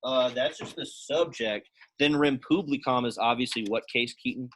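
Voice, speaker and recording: A man's voice: medium pitch, normal speed, fairly bright tone, a little hiss or hum. A man teaching a Latin class, casually quizzing students by name and thinking aloud as he works through sentences in a classroom. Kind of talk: classroom lesson.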